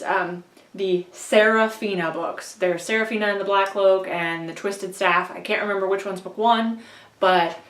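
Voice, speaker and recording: A woman vlogging casually about her audiobook reading, chatty and self-deprecating, laughing often. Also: mid-range voice. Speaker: book vlogger and audiobook reader. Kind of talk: casual rambling vlog. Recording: echoey room, voice a bit far from mic.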